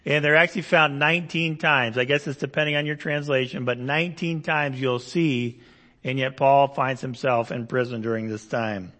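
A man's voice: mid-range voice, fairly even intonation, normal speed, fairly bright tone, long reverb tail. A man preaching a Bible-teaching sermon, explaining verses conversationally with asides and rhetorical questions. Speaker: pastor.

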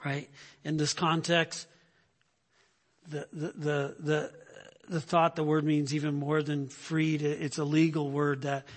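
An older man preaching a sermon, telling animated stories and repeating phrases for emphasis. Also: on the high side, slow pace. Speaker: pastor. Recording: long hall reverb.

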